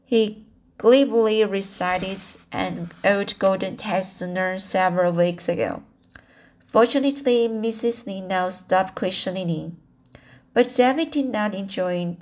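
Slow-reading woman audiobook narrator. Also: medium pitch, a little mellow. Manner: slow reading with restarts and slips. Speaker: audiobook reader.

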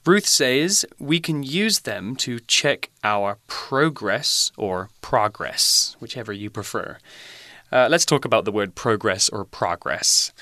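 A man's voice: mid-range voice, sharp tone, dry recording, clean studio sound. A man from England co-hosting an English lesson, explaining vocabulary in a chatty way with frequent fillers. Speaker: English teacher co-host.

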